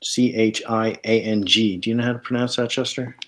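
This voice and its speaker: A man's voice: lowish voice, fairly even intonation, a little fast. A man hosting a casual chat, hesitant and full of fillers as he reads from a book. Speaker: host. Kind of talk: casual chat, reading book text aloud.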